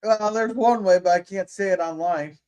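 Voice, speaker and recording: A man's voice: high voice, normal speed, darkish tone. A man hosting a podcast in heated casual political chat, indignant, swearing, and stumbling over restarts. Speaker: podcast host.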